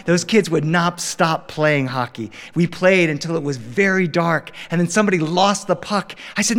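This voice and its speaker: A middle-aged man from Delaware telling a story live to a studio audience, animated and playful. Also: fairly high pitch, normal speed, few pauses. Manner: animated, warm, playful, acting out characters. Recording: long reverb in a studio hall.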